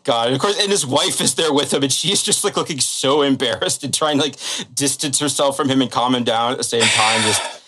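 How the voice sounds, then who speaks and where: A man co-hosting a podcast and recounting a story in animated, casual chat. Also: mid-range voice, fairly quick. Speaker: podcast co-host.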